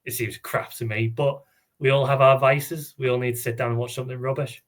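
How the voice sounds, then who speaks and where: Bloke on a football podcast, chatty, laughs a lot, gets animated. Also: male voice, mid-range voice, brisk. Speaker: podcast co-host. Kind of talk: casual chat.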